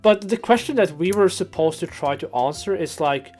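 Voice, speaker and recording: Woman co-host, lower pitch, dry and teasing, casual chat. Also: animated, normal speed, a little mellow, faint music behind. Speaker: podcast co-host.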